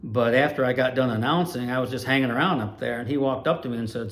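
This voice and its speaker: Animated older man telling racing stories. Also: mid-range voice, fast. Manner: animated, lively storyteller with big swings in loudness. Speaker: retired dirt track race announcer, channel host. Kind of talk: storytelling.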